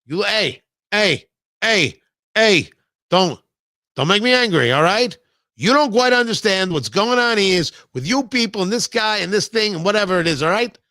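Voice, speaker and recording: A man's voice: sits high, animated, normal speed, sharp tone, no echo, clean studio sound, full character voice. A man putting on a brash, bossy older New York man who scolds and repeats himself in a blustery, jabbing way. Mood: scolding.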